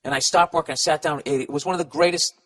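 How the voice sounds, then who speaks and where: A man with a slightly high, a bit bright voice fires off words rapidly in a fairly even intonation. Hosting a comedy podcast, he fumbles reading listener letters aloud and responds with a blunt, profane, rambling advice rant.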